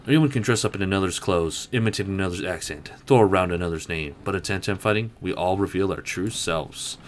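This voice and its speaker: A man's voice: deep voice, slight background noise, natural voice. A man doing a solemn noble dojo master. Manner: grand, formal, measured delivery.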